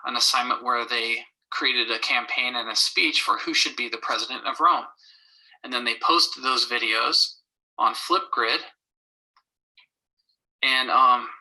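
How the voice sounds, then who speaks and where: A man who teaches fifth grade, presenting his teaching tips in a recorded video and working through them clearly, point by point. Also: medium pitch, bright, forceful tone, rough recording. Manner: clear, methodical, lists points in order.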